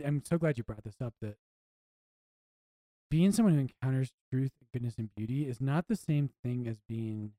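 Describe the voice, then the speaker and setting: A man's voice: medium pitch, mellow, dry recording. A man, a priest co-hosting a podcast, talking earnestly and reflectively, often restarting his phrases. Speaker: priest co-host.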